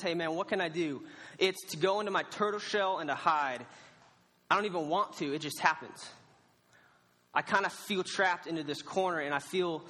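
A young man preaching a casual, storytelling sermon as a youth pastor, animated and laughing at himself. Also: fairly high pitch. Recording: reverberant hall.

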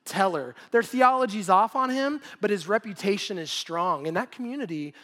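A man's voice: high-pitched, lively intonation, normal speed, fairly bright tone. A male pastor giving a casual sermon, joking and laughing between points.

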